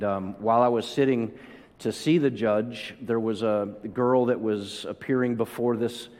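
Storytelling pastor in a reverberant hall. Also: male voice, medium pitch, darkish tone. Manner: storytelling, acts out quoted voices, builds to emphatic peaks. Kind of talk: sermon with personal story. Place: church hall.

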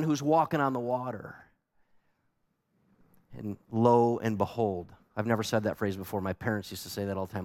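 A man preaching a sermon as a pastor, animated and emphatic, asking the congregation pointed questions. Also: lowish voice, normal speed. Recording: long hall reverb.

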